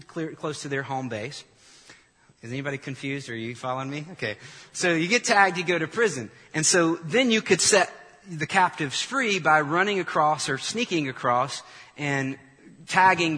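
Bright, husky-voiced man preaching. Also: mid-range voice. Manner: animated storytelling, calls on the congregation to repeat lines. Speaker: pastor. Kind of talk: sermon. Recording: long hall reverb.

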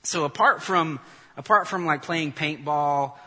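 A man preaching a sermon, telling a lively story and calling on the congregation to repeat lines after him. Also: on the high side, a little slow, slightly rough. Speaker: pastor. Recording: long hall reverb.

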